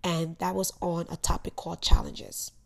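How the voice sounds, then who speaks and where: Gravelly-voiced woman telling a heartfelt story. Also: fairly low pitch, flat delivery, normal speed. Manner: earnest, emotional storytelling with sudden loud bursts and soft asides. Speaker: podcast host. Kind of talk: personal motivational monologue.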